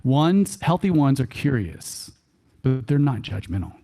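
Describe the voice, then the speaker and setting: Male workshop speaker, Texan accent, mid-range voice, lively church talk with folksy asides and repeated key lines. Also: mid-range voice, measured pace. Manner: animated, repeats key phrases for emphasis; chuckles often, folksy asides. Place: church hall.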